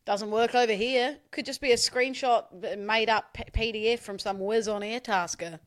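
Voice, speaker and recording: A young man co-hosting a podcast, chatty and quick, telling stories and teasing back. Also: high-pitched, steady tone. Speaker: podcast co-host. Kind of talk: casual banter.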